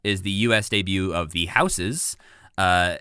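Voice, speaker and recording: Low-voiced bright podcast co-host man. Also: measured pace, clear, resonant tone, dry recording, clean studio sound. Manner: animated, laughs often while recounting scenes. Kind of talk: casual chat.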